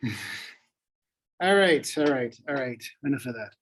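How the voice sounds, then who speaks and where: A man's voice: mid-range voice, animated, normal speed, slight background noise, poor audio. A man teaching a class in a classroom, talking casually with many fillers and self-deprecating asides.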